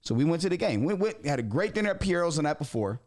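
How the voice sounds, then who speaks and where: Playful American man, lively sportscast banter. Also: a little high, quick pace. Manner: playful, jokey, teasing. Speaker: podcast co-host. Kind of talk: casual sports podcast banter.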